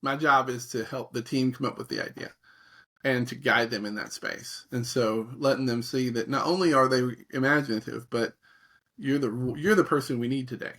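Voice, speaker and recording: Middle-aged male guest, mid-pitched, lively storyteller who voices quoted reactions. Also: moderate pace. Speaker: guest, creativity facilitator. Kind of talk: conversational interview.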